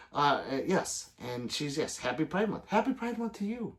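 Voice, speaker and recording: A man hosting a casual livestream, reading viewer comments aloud, joking and swearing freely with loud sudden outbursts. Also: on the high side, sing-song, moderate pace, few pauses. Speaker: gun channel livestream host.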